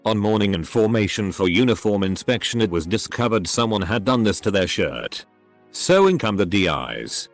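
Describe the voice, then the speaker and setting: A man's text-to-speech voice narrating online posts as scripted story readings, with odd phrasing and pauses. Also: on the low side, sing-song. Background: faint background music.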